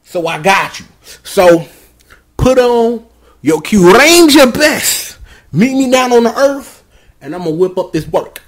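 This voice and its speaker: A man voicing a cocky male cook who brags in a relaxed, slangy swagger. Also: very high-pitched, takes it slowly, full character voice. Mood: boastful.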